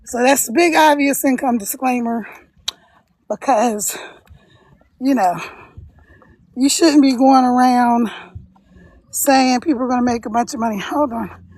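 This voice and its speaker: High-voiced chatty woman, slightly out of breath. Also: measured pace, pauses often, darkish tone, dry recording. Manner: chatty, laughs often, talks straight to viewers. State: out of breath from walking uphill. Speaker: live streamer and online business coach. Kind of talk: casual livestream chat while walking. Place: outdoors on a hill.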